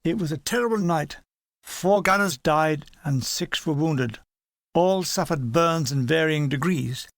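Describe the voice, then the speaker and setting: Gravelly older man reading wry memoir. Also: a little high, a little slow, no echo. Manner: dry, wry, matter-of-fact storytelling. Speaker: author reading his own memoir.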